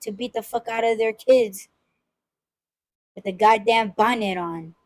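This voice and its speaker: A woman's voice: on the high side, a little slow, a little mellow, poor audio. Blunt, profane woman ranting on a podcast. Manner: blunt, profane and ranting, mimics people she criticizes. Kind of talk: casual podcast talk.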